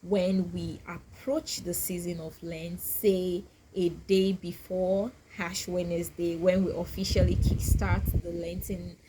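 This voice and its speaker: A woman talking to her viewers as a vlogger, soft-spoken and thoughtful, pausing and restarting as she reflects. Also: on the low side, a little hiss or hum, rough recording. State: getting teary and emotional. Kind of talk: casual reflective talk to camera.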